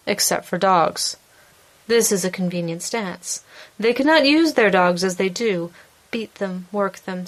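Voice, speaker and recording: A woman reading a short story aloud in a measured, calm storytelling manner. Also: mid-range voice. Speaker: story narrator. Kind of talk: scripted narration.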